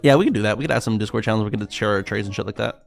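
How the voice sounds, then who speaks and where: A man's voice: on the low side, racing, vocal fry, soft background music. A young man, rambling and swearing as he chats with his livestream viewers about trading. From South Florida. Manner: rambling, profane, excitable, talks to chat. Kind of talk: casual livestream chat.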